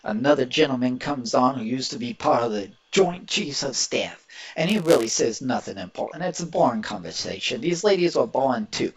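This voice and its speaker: A man's voice: medium pitch, expressive, fairly quick, creaky, breathy edge. A man from Indiana hosting his own political reaction video, talking in an emphatic, rambling and opinionated way. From Indiana, USA. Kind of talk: reaction commentary.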